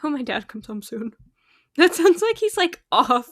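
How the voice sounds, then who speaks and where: Here a young woman with a high, fairly bright voice chats casually while gaming on a live stream. She's very animated and speaks at a normal speed. She's talkative and keeps laughing at her own comments.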